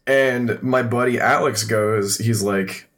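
A man's voice: mid-range voice, steady tone, takes it slowly, fairly bright tone, a little hiss or hum. A young man co-hosting a podcast, telling funny stories in casual chat, swearing a lot and laughing often. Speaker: podcast co-host.

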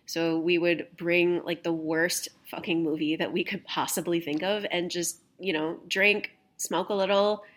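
A woman's voice: lowish voice, flat delivery, a little slow, few pauses. A young adult woman hosting a podcast, telling stories in casual chat, laughing often and swearing casually. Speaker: podcast host.

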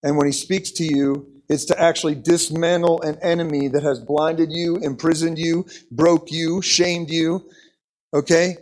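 A man's voice: high voice, poor audio. An American man preaching an impassioned sermon, repeating phrases and leading the congregation in call-and-response.

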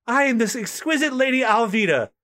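A man's voice: very high voice, lively intonation, fairly quick, bright, forceful tone, pitched above the performer's own voice, full character voice. A man voicing a vain, haughty female pirate captain, preening and self-admiring as he reads a comic aloud. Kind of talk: reading comic aloud with voices.

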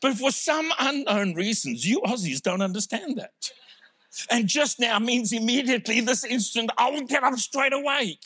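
A man's voice: very high-pitched, expressive, normal speed, pushed and bright, husky, dry recording, studio quality. A man from South Africa with a South African accent, preaching a sermon in a conversational, humorous way. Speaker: pastor.

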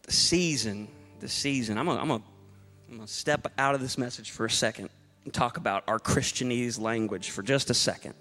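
A man's voice: medium pitch, brisk, bright, forceful tone, big-room sound, soft background music. A male pastor preaching a sermon to a congregation, emphatic and rhetorical, with playful asides to the room. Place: church hall before a congregation.

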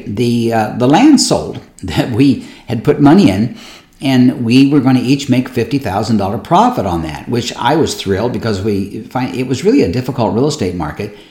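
Male pastor, mid pitch, chatty story-led sermon, reverberant room. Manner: conversational, acts out quoted voices with lively pitch jumps.

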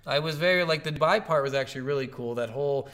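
A man talks through a video game story in loose, rambling casual chat, swearing freely and slipping into quick acted-out quotes. His voice sits somewhat high for a man. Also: a bit bright. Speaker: co-host discussing a video game.

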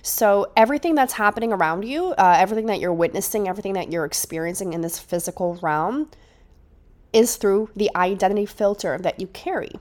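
A woman's voice: mid-range voice, fairly quick, a little mellow. A young woman hosting her own podcast, talking in a chatty, enthusiastic way while stuffy from a cold. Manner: chatty and enthusiastic, with frequent restarts. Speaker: podcast host. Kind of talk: casual solo podcast monologue.

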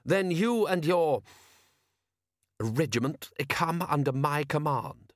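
A cold, contemptuous nobleman, as a male audiobook narrator plays him, raised a little in pitch and measured in pace. Each clipped word drips disdain, heard dry and close. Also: expressive, no echo. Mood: disdainful. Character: haughty aristocratic male lord, cold and contemptuous.

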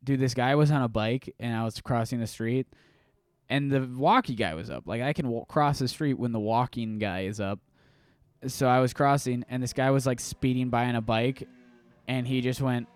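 A man hosting a casual solo podcast, rambling through animated stories with frequent restarts. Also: mid-range voice, moderate pace, no echo. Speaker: podcast host.

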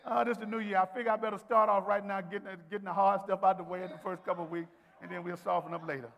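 A high-pitched preacher man delivering a call-and-response sermon. His voice swings from soft asides to ringing shouts, with a long reverb from the church sanctuary. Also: steady tone, rapid-fire, vocal fry, dull audio. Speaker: pastor.

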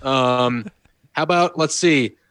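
A man's voice: medium pitch, takes it slowly, a bit bright, clean tone, dry recording. Man, podcast host, casual chat, amused, dry mic. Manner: laughing, amused storytelling.

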